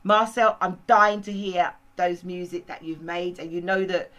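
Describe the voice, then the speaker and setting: A woman's voice: fairly low pitch, steady tone, a little slow, fairly bright tone, highs cut off. A woman hosting a casual group chat, rambling and laughing easily. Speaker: host.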